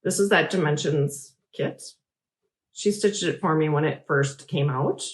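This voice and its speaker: A middle-aged woman hosts a relaxed crafting chat. She rambles from one thing to the next in an animated, friendly way. Her voice sits slightly low for a woman. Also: unhurried. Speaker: host. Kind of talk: casual chat.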